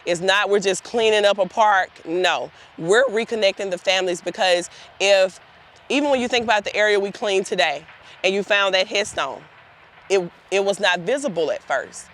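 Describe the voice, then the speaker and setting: A woman's voice: mid-range voice, normal speed, fairly bright tone. A woman giving a guided tour outdoors in a cemetery, telling heartfelt stories straight to her group of volunteers. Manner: earnest, heartfelt storytelling addressing the group directly.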